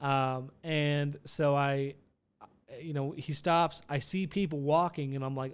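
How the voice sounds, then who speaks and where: A man's voice: fairly high pitch, flat delivery, measured pace, smooth. Man telling a rambling story. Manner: rambling, with many restarts and profanity. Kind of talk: casual storytelling vlog.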